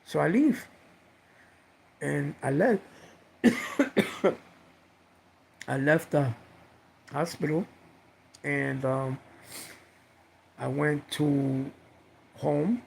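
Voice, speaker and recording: A man's voice: fairly high pitch, very slow, creaky, pauses often, a little hiss or hum, poor audio. A man casually telling a personal story on a livestream, rambling, repeating himself and swearing now and then.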